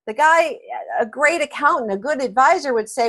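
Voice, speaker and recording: Emphatic middle-aged woman, fairly high voice. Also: normal speed. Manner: emphatic, animated storyteller. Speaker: accounting advisory expert guest. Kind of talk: interview answer with storytelling.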